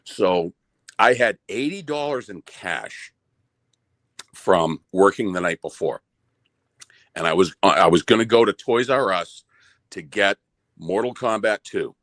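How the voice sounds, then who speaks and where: A man's voice: deep voice, a little slow, long pauses, dry recording. A man with a Boston accent telling a story on a podcast, swearing often, stammering and repeating words as he goes. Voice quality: profane, stammering, animated retelling.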